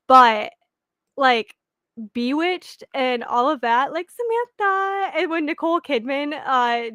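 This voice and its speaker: A woman's voice: high voice, a bit bright, no room sound, clean studio sound. A young woman chatting casually with viewers as the host of a reading sprint stream, rambling and giggling with lots of fillers.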